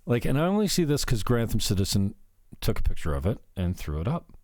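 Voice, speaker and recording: A man hosting his own show, delivering an unscripted rambling rant, cursing often and swinging between low muttering and sharper outbursts. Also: sing-song, fast, a little mellow, no echo, clean studio sound. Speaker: show host. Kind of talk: unscripted ranting monologue.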